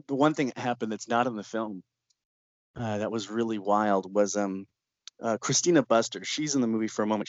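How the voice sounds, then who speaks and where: A man's voice: lowish voice, no echo. Dull-sounding man telling a story. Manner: lively storyteller who laughs often and acts out quotes. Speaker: documentary filmmaker. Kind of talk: interview anecdote.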